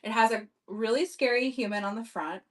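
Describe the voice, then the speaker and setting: A woman's voice: on the high side, fairly quick, recorded from a distance. A woman hosting a casual live-stream auction, chatting upbeat as she describes vintage items for buyers. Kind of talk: casual live-selling chat.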